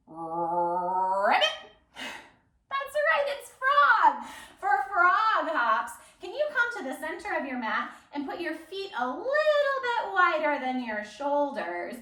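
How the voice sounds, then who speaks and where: A woman's voice: sits high, pushed and bright. A woman leading a children's yoga class with a story, playful and sing-song, doing animal sounds. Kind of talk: guided kids' yoga with storytelling. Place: library room. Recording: roomy echo, voice from far off.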